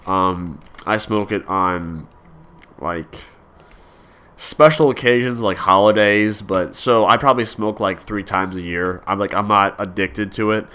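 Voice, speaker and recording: A man's voice: fairly low pitch, measured pace, sharp tone, clean tone. A young man vlogging in a casual, rambling monologue, full of fillers and restarts, coughing now and then.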